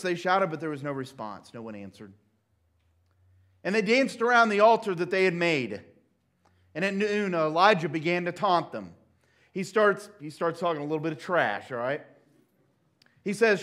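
A male pastor delivers a sermon in a church, his voice sitting a little high. He tells the story with animated energy, shouting out the quoted lines and then dropping to a quiet, hushed tone for asides. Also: normal speed. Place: church sanctuary.

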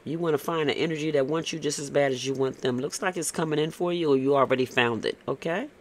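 A man's voice: fairly high pitch, fast talker, a little hiss or hum. A man giving a casual, blunt tarot reading, tagging "okay?" onto his points and cursing freely. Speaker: tarot reader.

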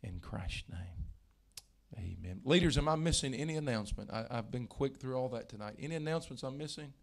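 A man's voice: medium pitch, fast talker. A male pastor, preaching a sermon in a church with folksy storytelling. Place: church sanctuary.

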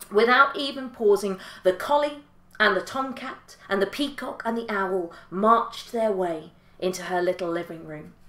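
Expressive woman telling a folk tale. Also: mid-range voice, reverberant. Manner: lilting and expressive. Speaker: storyteller.

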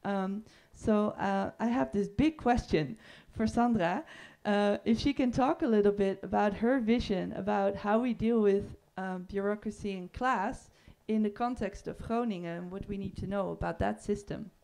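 Woman moderator, warm, mellow tone, hesitant, many fillers. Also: mid-range voice, normal speed, gravelly, few pauses. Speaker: panel moderator. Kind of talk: panel introduction. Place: room with audience.

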